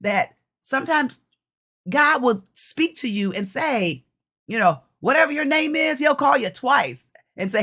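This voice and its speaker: Lively woman coach teaching devotionally. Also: high voice, measured pace. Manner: lively, repeats phrases for emphasis; chatty, addresses listeners directly. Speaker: women's ministry coach.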